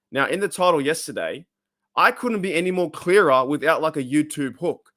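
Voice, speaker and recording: Man, slightly high voice, fan channel host, rambling live rant, chats with viewers. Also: sing-song, fairly quick, a bit bright. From Australia.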